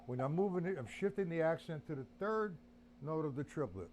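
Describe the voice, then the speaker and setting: A man's voice: on the high side, expressive, brisk, background noise. A man teaching drums on a live stream, counting beats aloud while he plays and chatting to viewers. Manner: chatty, addresses viewers as guys. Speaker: drum teacher. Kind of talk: live-streamed drum lesson.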